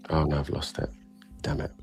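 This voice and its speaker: A man's voice: fairly quick, darkish tone, faint music behind. A man chatting as a guest on a live stream, with dry, laid-back remarks. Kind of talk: casual live-stream chat.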